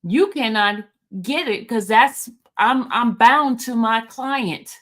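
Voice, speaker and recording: A woman hosting a commentary video, reading court transcripts and pressing her viewers with repeated excited questions in a casual way. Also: on the high side, takes it slowly. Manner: casual, addresses viewers as y'all. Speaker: commentary channel host.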